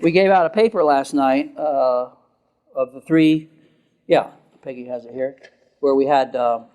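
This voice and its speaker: A man's voice: mid-range voice, unhurried, dark tone. An older man, a therapist, lecturing a class in a casual, chatty way, laughing often and asking the audience questions.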